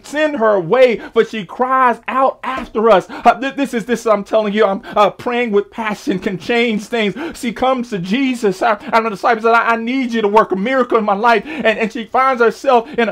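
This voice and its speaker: A man preaching a sermon online, fervent and prone to repeating words for emphasis. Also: very high-pitched. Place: church service streamed online.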